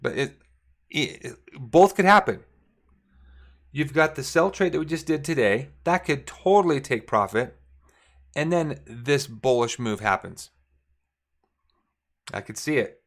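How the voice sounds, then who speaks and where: In a relaxed screen-share session, a man coaches viewers on forex charts, reasoning out loud and often correcting himself mid-sentence. His mid-range voice moves at a measured pace with frequent pauses.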